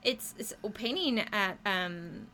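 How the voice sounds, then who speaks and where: A woman's voice: medium pitch, lively intonation, slow pace, sharp tone, a little hiss or hum. A woman who paints murals, talking casually and enthusiastically in an interview, with many fillers and frequent laughter. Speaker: muralist guest.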